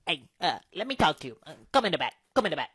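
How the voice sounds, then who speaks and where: A woman acting out short comedy sketches, slangy and brash, bossing the other characters around. Her voice is bright and swings widely in pitch, with a faint hiss in the background. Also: very animated, very fast. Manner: slangy, brash, playfully bossy. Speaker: sketch comedian playing several parts.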